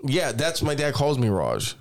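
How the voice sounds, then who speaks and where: A man in his thirties chatting casually on a podcast, telling animated stories and swearing constantly. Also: medium pitch, normal speed, gravelly, slight background noise. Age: 30s. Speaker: podcast co-host. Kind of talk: casual chat.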